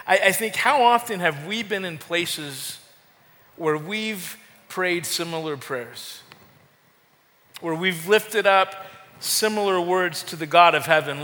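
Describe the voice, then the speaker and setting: A man's voice: high-pitched, lively intonation, slow pace, pushed and bright. A man preaching a sermon as pastor, impassioned, with repeated words and rising calls to the congregation. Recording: long hall reverb.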